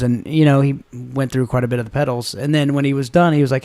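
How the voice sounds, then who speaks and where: A man's voice: mid-range voice, a little fast, dark tone, clean tone, dry recording. A man co-hosting a podcast, telling backstage stories in casual chat and acting out what people said, often laughing. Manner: storytelling, acts out quotes, laughs often. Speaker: podcast co-host.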